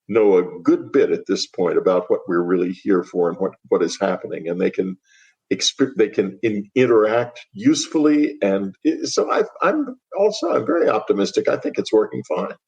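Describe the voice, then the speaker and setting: An older man speaking as a guest author in a podcast interview, wry and reflective, often pausing and restarting. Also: on the low side, a little mellow.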